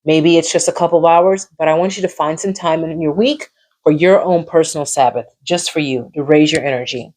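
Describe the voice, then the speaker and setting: A woman hosting a live coaching stream, encouraging and repetitive, reacting warmly to viewers in the chat. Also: low voice, fairly quick. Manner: encouraging, repeats phrases, lively reactions to viewers.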